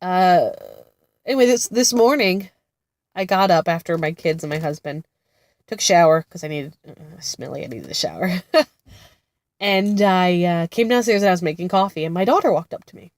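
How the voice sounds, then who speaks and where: A congested, sick-sounding woman in her thirties chats in a rambling, laughing way, voice pitched on the low side. The sound is dry and close, with no room around it. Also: moderate pace, dry recording. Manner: rambling, laughing, many fillers. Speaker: vlogger, mother of two. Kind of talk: casual chat. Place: sitting in a car-like space outside a therapy center.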